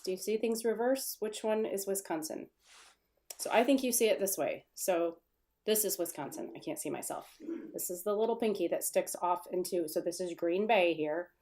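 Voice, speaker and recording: Her voice is lowish and warm as she runs a laid-back live stream from a home desk. She chats in a meandering way, voices viewer comments aloud, and giggles at her own fumbles.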